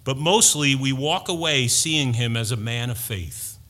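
A middle-aged man delivers a sermon in a bright, forceful voice, his words carrying through a long reverb in a large church hall. He speaks slowly and deliberately, rising to emphatic peaks. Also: mid-range voice, lively intonation. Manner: slow, deliberate preaching with emphatic builds. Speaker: preacher.

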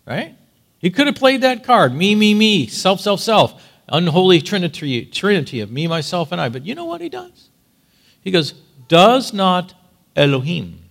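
A male pastor preaching a sermon, telling stories with dramatic swings between loud and hushed. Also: on the high side. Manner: animated storytelling, dramatic swings.

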